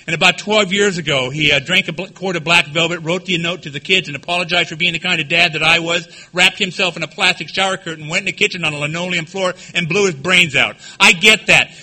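A man giving a recovery-meeting talk, telling his own story candidly with dark humor. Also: on the high side. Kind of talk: personal testimony speech.

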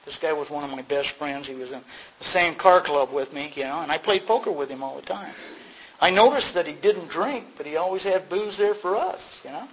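A man's voice: brisk, a bit bright, husky, low-quality recording. A middle-aged man sharing his personal story at a recovery meeting, in a conversational way, filled with "you know" and laughing at himself. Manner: acts out both sides of dialogues with sudden rises in pitch. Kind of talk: personal testimony to a group.

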